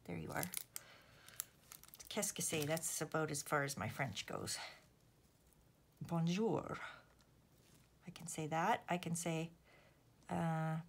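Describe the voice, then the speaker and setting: A woman's voice: sits low, fairly even intonation, moderate pace, creaky, slight background noise. A woman from Canada, chatting casually and self-deprecatingly to viewers while making cards, sometimes murmuring to herself. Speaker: host. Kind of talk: casual crafting vlog chat.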